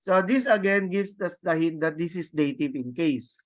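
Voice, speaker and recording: A man with a Filipino accent teaching a Greek grammar lesson, halting and repeating words, often adding "no?" to check on students. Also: fairly high pitch. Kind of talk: classroom lecture.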